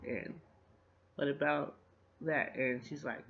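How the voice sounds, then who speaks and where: Gravelly man recapping a TV episode. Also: fairly high pitch, unhurried, pauses often. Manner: animated retelling, acts out characters' lines with laughter. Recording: dull lo-fi recording.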